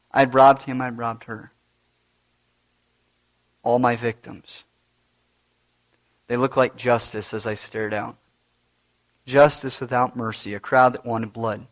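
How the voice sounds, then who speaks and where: A man preacher voicing a remorseful male thief in first person, in a hushed, confessional manner. He tells the story as the freed prisoner himself. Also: on the high side, close to an everyday voice.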